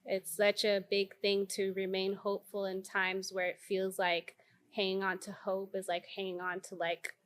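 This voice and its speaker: A woman's voice: medium pitch, normal speed. A woman, an activist guest telling blunt, profane stories in a candid interview. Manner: blunt, profane, animated storytelling.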